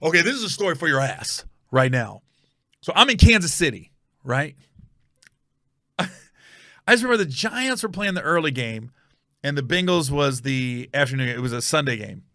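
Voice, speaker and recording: Guy spinning a funny story, bright punchy voice, dry close sound. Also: moderate pace, pauses often, dry recording. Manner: animated storyteller, bursts into high shouted yelling when reenacting. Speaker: comedian and podcast host. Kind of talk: comedic storytelling.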